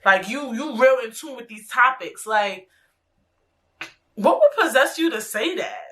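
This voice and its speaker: Bright, animated woman podcaster. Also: on the high side, measured pace. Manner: animated, profane, frequent slangy asides. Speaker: podcast host. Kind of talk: casual solo podcast monologue.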